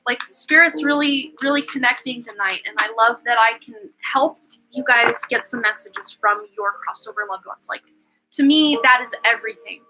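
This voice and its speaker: On a tarot livestream, the female host and reader talks in a gushing, chatty style packed with "like" and "um" fillers. She has a fairly high, sharp-toned voice at normal speed, and the recording is low quality.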